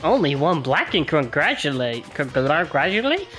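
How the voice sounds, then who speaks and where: A woman's voice: low-pitched, sing-song, unhurried. A woman voicing a scheming, gleeful mascot bear headmaster over game music. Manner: gleeful, teasing explanation.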